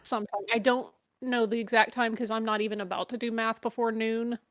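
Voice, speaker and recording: A woman's voice: on the high side, level tone, fairly quick. A woman co-hosting a casual reaction chat, chatty and teasing. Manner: teasing, chatty, laughs easily. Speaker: co-host reacting to a video.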